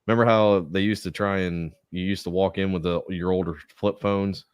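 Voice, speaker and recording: A man with a very deep voice tells a rambling, swear-laden story in relaxed podcast chat. The sound is dry and close, with no room around him. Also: moderate pace, clean tone, no echo, dull audio. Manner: profanity-heavy rambling storytelling. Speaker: podcast co-host. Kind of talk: casual chat.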